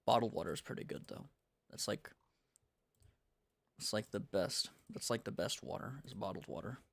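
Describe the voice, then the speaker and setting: A man's voice: on the low side, moderate pace, creaky, no room sound. A young man from the United States chatting casually on a game-dev livestream, rambling and laid-back, full of slang. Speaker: game developer streaming.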